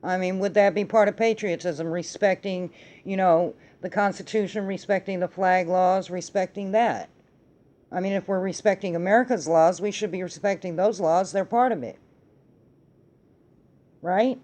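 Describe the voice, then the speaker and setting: Middle-aged woman host, mellow dark voice, fired up and cussing a lot. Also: fairly low pitch, fairly even intonation, normal speed. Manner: angry, profane ranting. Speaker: podcast host. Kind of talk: heated political commentary.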